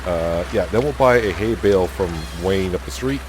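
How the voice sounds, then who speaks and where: A man hosting a casual let's-play, talking through his farm chores in an easygoing, self-deprecating way and thinking out loud. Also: sits low, normal speed, a little hiss or hum. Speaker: gaming channel host.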